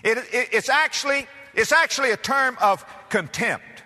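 A man's voice: extremely high pitch, expressive, moderate pace, bright, forceful tone. A man preaching a sermon as pastor, emphatic and dramatic, with repeated phrases. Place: church. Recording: reverberant hall.

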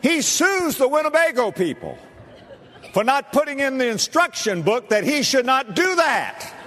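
A man preaching a sermon to a congregation, swinging between low, quiet asides and high, ringing exclamations. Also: very animated, a little slow, in a large hall. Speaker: pastor. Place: church sanctuary.

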